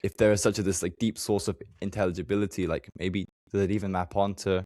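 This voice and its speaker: A man's voice: deep voice, flat delivery, quick pace, darkish tone, dry recording, clean studio sound. A young man hosting a podcast interview, asking searching questions tentatively with many fillers. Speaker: podcast host.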